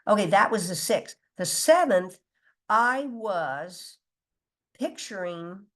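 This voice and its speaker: A woman leads an informal spiritual teaching in a loose, conversational way. She is emphatic, laughs often, drops the odd mild curse, and pauses to check her notes at a middling pitch. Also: expressive, a bit bright. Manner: loses her place and restarts, reads from notes.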